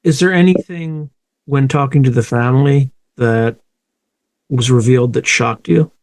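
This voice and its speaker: A man's voice: mid-range voice, unhurried, darkish tone, no room sound. A man hosting a podcast, asking his guest a plain interview question. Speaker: podcast host.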